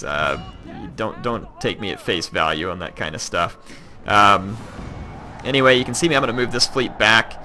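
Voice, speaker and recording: A man's voice: low voice, sharp tone. A man from Kentucky with a Southern US accent, rambling through casual let's-play commentary with plenty of ums and likes. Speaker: gaming YouTuber.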